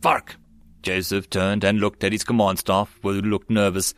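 A man's voice: lowish voice, monotone, moderate pace. A man reading a web novel aloud as an audiobook, doing all the parts himself and raising his voice for the dialogue. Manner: reads all parts himself, lifting his voice for quoted lines. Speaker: audiobook narrator.

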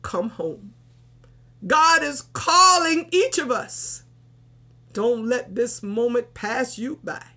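A woman delivers a sermon in a high, bright voice. She speaks very slowly and fervently, and her delivery swells with emotion. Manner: slow, fervent, emotional preaching with sung hymn lines. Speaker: preacher.

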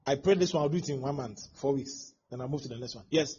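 A man's voice: medium pitch, fast, darkish tone, husky. A male pastor preaching a sermon, acting out scenes with exclamations and laughter. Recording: dull lo-fi sound with faint background noise.

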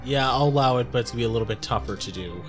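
A man running a tabletop role-playing game as game master, narrating slowly and asking the players quick questions. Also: medium pitch, music in the background.

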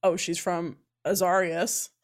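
A woman's voice: on the low side, little pitch movement, slow pace. Chatty woman recounting her character ideas. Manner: chatty, quotes herself often. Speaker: player guest. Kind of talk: casual chat.

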